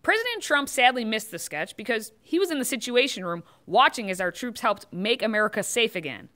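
A woman's voice: fairly high pitch, expressive, brisk, pushed and bright. A woman hosting scripted political commentary, delivering it with sarcastic, mocking asides.

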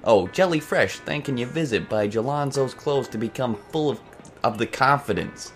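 A man's voice: medium pitch, normal speed, faint music behind, voice pushed up, natural voice. A man voicing a jellyfish shop clerk in a put-on Brooklyn accent, speaking in stilted, garbled English. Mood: chirpy.

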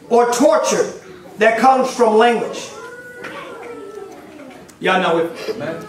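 A man preaching a sermon as bishop, excitable, laughing often and calling on the congregation to follow along. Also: very high voice. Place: church hall. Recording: very echoey hall, recorded from far off.

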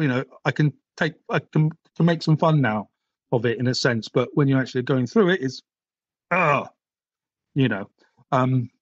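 A man's voice: mid-range voice, no echo. A man with a stutter, telling a candid personal story as a podcast guest in a wry, easygoing way. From Britain. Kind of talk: casual conversation. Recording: dry, slightly dull audio.

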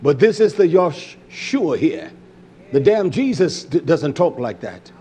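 A man preaching a fiery, confrontational sermon, scolding and cursing, swinging between loud outbursts and low muttering. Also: very animated, slow pace.

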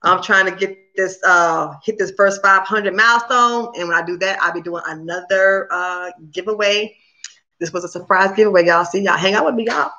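A woman hosting a livestream in casual, upbeat chat with her viewers. She talks very fast. Her voice is bright and forceful. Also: mid-range voice, muffled recording. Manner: chatty and upbeat, addresses viewers as "y'all". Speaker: cooking channel host on a livestream.

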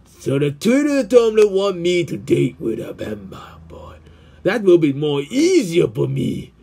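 A gravelly cartoon killer taunting his victim slowly, as a man puts him on for a fan dub. His husky voice drops low and rolls out each mocking line with chuckles. The pitch swings widely between sneers. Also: wildly swooping pitch, mellow, full character voice. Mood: menacing. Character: teasing sinister adult male killer, mocking.

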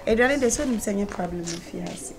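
A woman's voice: medium pitch, animated, fast, gravelly. A woman playing a mother scolding a child, with a Ghanaian accent, in a Ghanaian movie.

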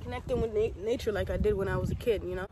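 A young woman talks casually to the camera while out in nature, in a playful, chatty way. Her voice sits at an ordinary pitch for a woman. The outdoor recording carries clear background noise. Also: fairly even intonation, racing. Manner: chatty, playful, speaks straight to viewers. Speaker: vlogger.

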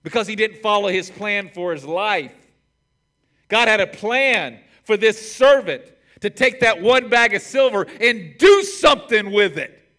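A male pastor delivers a sermon with emphatic, building repetitions. His voice sits high and carries a bright, forceful edge. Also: animated, measured pace.

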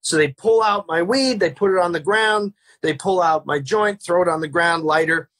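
High husky man telling animated stories. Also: moderate pace. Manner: animated anecdotes, acting out quoted voices. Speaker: podcast guest. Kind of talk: casual storytelling. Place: home, remote video call.

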